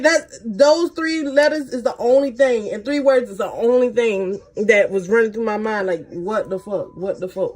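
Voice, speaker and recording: A young woman chats through a story while doing her makeup on camera. Her talk is slangy and lively, and it leaps up high when she gets excited. Her voice sits a little high. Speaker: beauty vlogger.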